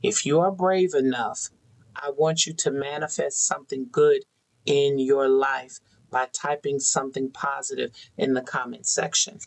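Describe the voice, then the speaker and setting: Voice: medium pitch, fairly even intonation, measured pace, creaky, poor audio. A tarot reader giving a spiritual card reading to viewers, talking to them directly in an earnest, preachy way with a lot of repetition. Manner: speaks to an unseen audience.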